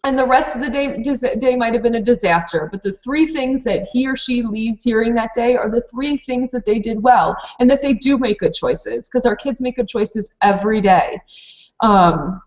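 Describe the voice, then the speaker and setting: Woman presenter, matter-of-fact tone, higher voice, dull lo-fi recording. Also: lively intonation, moderate pace, darkish tone. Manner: practical, matter-of-fact, with many fillers. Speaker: preschool program director presenting to teachers. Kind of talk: webinar talk for teachers. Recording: dull lo-fi webinar audio.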